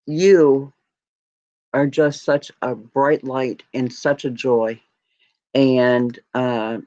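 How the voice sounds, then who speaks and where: A woman's voice: sits low, darkish tone, dry recording. Woman on a live stream getting teary, rambly and grateful, dry muffled sound. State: tearing up. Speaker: jewelry live stream host. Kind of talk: casual live stream chat.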